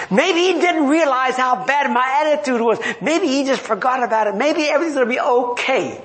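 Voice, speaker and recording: A man's voice: very high voice, lively intonation, normal speed, a bit bright, roomy sound, slight background noise. A man preaching a sermon, reading scripture and then retelling it with humor and acted-out voices. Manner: reads scripture then paraphrases in everyday talk.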